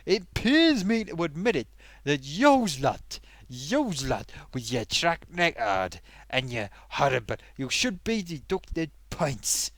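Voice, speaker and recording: A melodramatic male potato, a doom-laden football fan, as a man puts him on. His pitch leaps and sags as he swings from grand declarations to hushed despair. The recording is dry and close. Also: big pitch swings, slow, no room sound, exaggerated voice. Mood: anguished.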